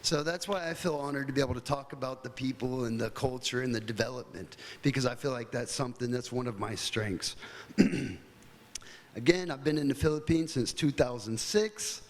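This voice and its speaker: A man's voice: mid-range voice, moderate pace, big-room sound. A middle-aged American man giving a casual, chatty conference talk, telling stories with plenty of fillers. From United States. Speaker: guest speaker. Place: hotel conference hall.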